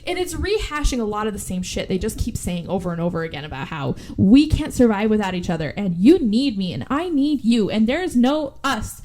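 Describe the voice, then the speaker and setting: A woman podcast host giving a casual movie recap, talking fast and chatty with lots of "like" and "right?". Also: medium pitch, sing-song, mellow.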